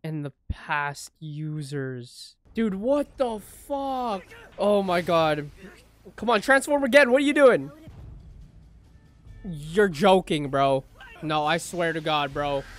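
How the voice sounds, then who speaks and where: A man reacting to an anime episode as he watches, excitable and profane, swinging between loud outbursts and hushed remarks. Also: a little high, takes it slowly, soft background music. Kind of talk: live reaction commentary.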